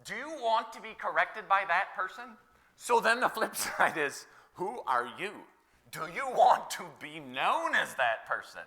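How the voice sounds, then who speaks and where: A man preaching a sermon in a church, in a loose, conversational way, full of "you know" and "like" and quick laughs. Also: sits high, sing-song, bright, forceful tone.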